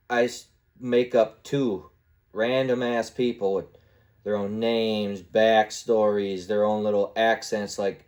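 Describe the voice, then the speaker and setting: A man's voice: fairly low pitch, a little mellow. A man hosting his own podcast, telling rambling stories in a casual monologue and now and then slipping into little voices. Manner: rambling storyteller who acts out little voices and sound effects. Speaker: podcast host.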